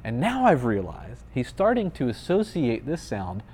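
A man's voice: mid-range voice, huge pitch swings, moderate pace, a little mellow, husky. A man in his thirties, a pastor giving a conversational sermon with playful, dry humor.

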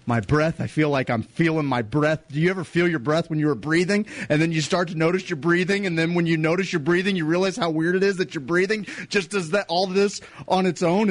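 A man playing a jittery young man who rambles and panics, in a comedy sketch. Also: sits high. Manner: rambling and panicky, sarcastic flattery.

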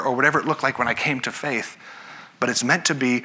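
A man's voice: mid-range voice, fairly even intonation, fast, bright, forceful tone, slightly rough. A man preaching a sermon to his church, in a conversational way that corrects itself and puts questions to the congregation. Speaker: pastor.

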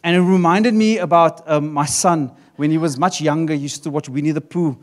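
A middle-aged man preaching a sermon as pastor, animated, often repeating and restarting his phrases. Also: fairly high pitch, a little fast.

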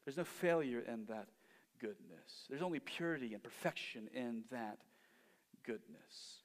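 A man preaching a sermon. He swells to loud emphasis and then drops almost to a hush. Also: mid-range voice, animated, measured pace, in a large hall. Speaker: pastor.

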